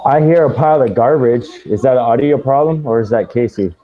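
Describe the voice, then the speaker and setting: An excitable male co-host talks casually over an internet call and gets easily distracted. His voice is mid-pitched, and the call audio sounds a little dull. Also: brisk, a little hiss or hum. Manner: excitable, distracted fan talk. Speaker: podcast co-host. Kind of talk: casual podcast chat.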